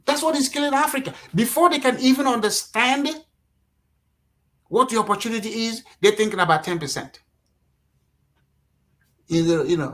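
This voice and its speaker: A middle-aged man from Nigeria, talking casually as a guest, animated and acting out quotes, with lots of "you know". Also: high-pitched, normal speed, pauses often, low-quality recording. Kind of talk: casual interview talk.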